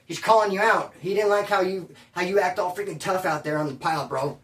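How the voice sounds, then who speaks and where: An animated man tells a story in loose slang, tossing in "bro" and "dude" and tripping over restarts as he gets worked up. His voice sits a little back from the mic, in a roomy space with noticeable echo. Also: high voice, brisk, distant mic. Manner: stammers and restarts when worked up. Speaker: storyteller recounting prison life. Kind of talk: casual storytelling.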